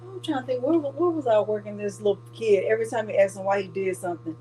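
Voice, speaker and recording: A woman's voice: mid-range voice, quick pace, hardly any pauses, mellow, slight background noise. A woman with a Southern US accent hosting a casual crafting livestream, thinking aloud and joking with viewers. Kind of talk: casual live chat.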